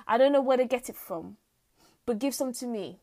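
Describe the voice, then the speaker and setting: Mellow and fairly high-pitched, a teen podcaster talks off the cuff from home at a moderate pace. Her monologue is playfully dramatic yet tired and lightheaded, picked up on a home mic.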